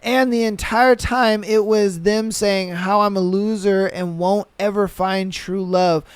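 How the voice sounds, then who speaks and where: A male podcast host talks slowly and deliberately, reacting to read-out listener stories with blunt, profane disbelief. His voice sits at a middling pitch, recorded close on a podcast mic in a dry, dead room. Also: steady tone, smooth, dry recording.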